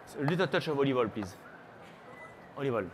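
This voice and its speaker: A French chef with a French accent gives a chatty live cooking demo on a trade show stage, teasing the crowd and slipping into French phrases. His mid-range voice moves quickly with lively intonation, over a little hiss or hum.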